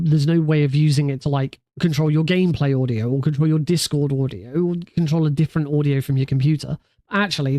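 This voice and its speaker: A streamer talks casually from his home setup into a mic run through a mixing desk. His voice sits a little higher than most men's and sounds dry and close. He rambles, doubling back and correcting himself as he goes. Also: mellow, dry recording. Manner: rambling, loose and self-correcting. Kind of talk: casual livestream chat. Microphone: studio mic through a mixing desk.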